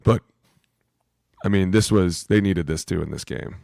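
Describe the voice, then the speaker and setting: A man's voice: low-pitched, measured pace, vocal fry, a little mellow, dry recording, clean studio sound. A man co-hosting a sports podcast, joking in laid-back banter and swearing casually. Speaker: podcast co-host, former lineman.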